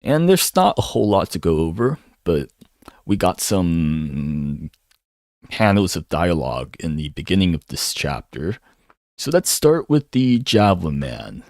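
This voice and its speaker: Male commentator with a low voice and lively pitch swings. Unhurried and rambling, recorded dry. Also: no room sound. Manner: rambling, hums filler syllables while thinking. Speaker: manga commentator. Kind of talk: casual solo chapter breakdown.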